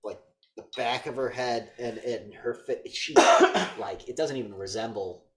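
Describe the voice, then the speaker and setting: Over a noisy crowd, a man with a mid-range voice speaks at a measured pace, co-hosting a laid-back movie review podcast. He runs through the film's story with plenty of cursing and lively impressions of the lines.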